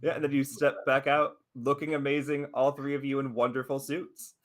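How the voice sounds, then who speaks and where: A man at middle pitch running a tabletop game for his players. He narrates scenes and prompts them in a relaxed way, with the odd filler. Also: moderate pace. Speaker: game master.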